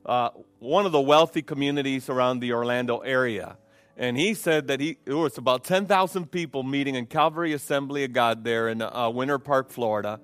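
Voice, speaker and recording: A pastor with a medium-pitched voice preaches a sermon and leads prayer at a church service. His delivery is fervent, full of repeated phrases and frequent fillers, and the recording has no room sound.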